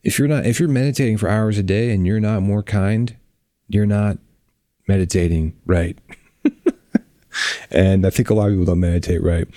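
A man hosting a reflective podcast, talking bluntly and earnestly with drawn-out pauses, on a close microphone. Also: sits low, mellow, no room sound. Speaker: podcast host.

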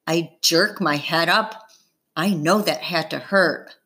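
A woman narrates a novel in the first person, taking her time over each line. Her voice sits a little low, and she slips gently into the characters' dialogue. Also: slow pace, slightly rough. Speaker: audiobook reader.

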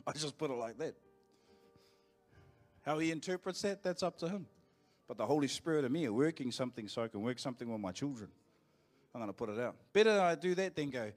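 Forties Kiwi-accented man, pastor in church, relaxed storytelling sermon, mid-range pitch, faint music behind. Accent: New Zealand. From New Zealand. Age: 40s. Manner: conversational and anecdotal, with quick asides to the congregation. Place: church auditorium.

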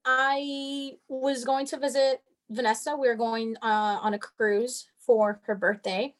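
High-voiced sassy young woman storyteller. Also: a little slow, few pauses. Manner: animated, profane, sassy. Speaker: storyteller guest. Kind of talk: casual storytelling chat.

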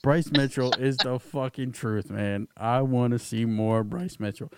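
A man co-hosting a podcast, talking excitedly about a fight, swearing and laughing often. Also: mid-range voice, a little slow, heavy background noise. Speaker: podcast co-host. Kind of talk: casual chat.

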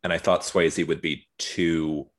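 A man co-hosting a casual podcast over a video call, laughing often and speaking in quick bursts. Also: very deep voice, little pitch movement. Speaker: podcast co-host. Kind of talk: casual chat.

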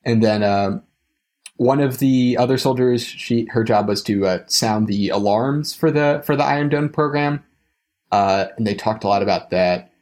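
Young male podcast co-host, mid-pitched, hesitant and wry, casual recounting. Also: darkish tone. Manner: wry, halting, laughs between thoughts. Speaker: podcast co-host, trip returnee.

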